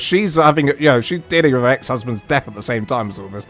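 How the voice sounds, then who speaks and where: A British man streaming a game and telling a rambling story, animated and full of restarts and asides. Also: medium pitch, a little fast, faint music behind. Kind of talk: casual storytelling on a livestream.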